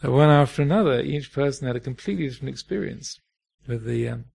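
A man giving a reflective Dharma talk as a meditation teacher, pausing often and restarting his phrases. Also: medium pitch, expressive, gravelly, a little mellow, husky. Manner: reflective, halting, many fillers and restarts.

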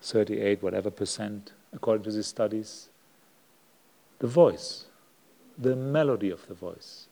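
Monk giving a sermon, mellow male voice, slow and reflective with long pauses. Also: lowish voice, gravelly. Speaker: Buddhist monk giving a Dhamma talk. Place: monastery hall.

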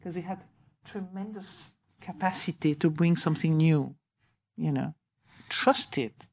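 A woman teacher giving an informal dharma talk, telling a lively story, laughing often and mimicking her own inner voice. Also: low-pitched, a little slow. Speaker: meditation teacher.

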